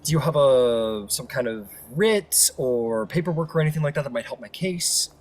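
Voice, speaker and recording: A man playing a tabletop game who narrates his character in a halting, filler-laden way. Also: mid-range voice, lively intonation, a little mellow. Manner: halting, filler-heavy, laughing. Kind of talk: tabletop role-play chat.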